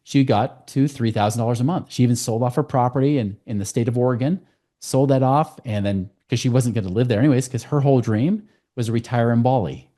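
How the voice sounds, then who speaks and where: A man speaking as a guest on a podcast interview, telling client stories in a quick, storytelling way. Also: mid-range voice, warm tone. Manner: fast, storytelling with client anecdotes. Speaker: guest, financial coach.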